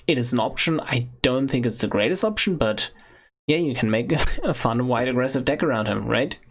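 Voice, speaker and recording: A man casually talking through a card game crafting guide as a video creator, chatty and often ending points with a quick "right?". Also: mid-range voice.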